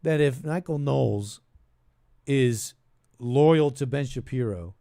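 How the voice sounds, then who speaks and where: A man's voice: mid-range voice, takes it slowly, creaky, mellow, dry recording, clean studio sound. A man hosting a call-in show, giving casual political commentary in a rambling way, restarting his sentences and trailing off into asides.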